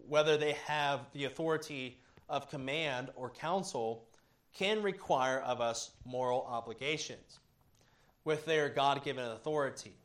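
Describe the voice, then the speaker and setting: A man preaching as a pastor, earnest and measured, with occasional fillers as he explains. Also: mid-range voice, fairly bright tone. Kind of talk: sermon teaching.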